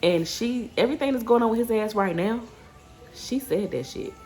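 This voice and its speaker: A woman with a darkish voice on the high side vlogs in a rambling, casual way at normal speed, first outdoors and then at home. She sounds animated, often stops and restarts her sentences, and gets heated when she rants.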